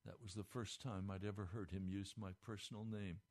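A man giving a radio devotional, speaking fervently, his pitch climbing when moved, recorded in a radio studio. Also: fairly even intonation, moderate pace, darkish tone. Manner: fervent, rising pitch with emotion. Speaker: radio preacher.

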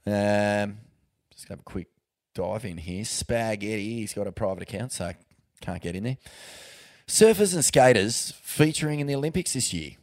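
A man's voice: fairly low pitch, lively intonation, normal speed, a little mellow, no echo, clean studio sound. An Australian man co-hosting a podcast, bantering crudely with lots of fillers and restarts. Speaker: podcast co-host. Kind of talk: casual banter.

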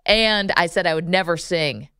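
Smooth-voiced woman hosting sports radio. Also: on the low side, moderate pace, fairly bright tone, dry recording, studio quality. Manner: laughs often, reads phone numbers and plugs. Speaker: radio show co-host. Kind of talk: sports talk radio banter. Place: radio studio.

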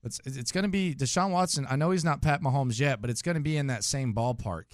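A man's voice: mid-range voice, quick pace, dry recording, clean studio sound. A man hosting a sports radio show, giving his opinions in a conversational, opinionated way. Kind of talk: casual sports talk.

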